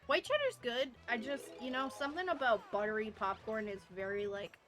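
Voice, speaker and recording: A woman's voice: a little high, brisk, fairly bright tone, faint music behind. A woman on a casual gaming stream, congested and losing her voice, joking and swearing. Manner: profane, joking.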